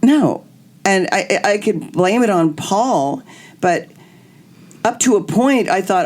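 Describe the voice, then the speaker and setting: A middle-aged woman hosting a podcast in candid storytelling mode. She talks in an animated, confiding way and jumps into quoted voices as she goes. Her pitch sits in an ordinary middle range. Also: slow pace, long pauses. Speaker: podcast host.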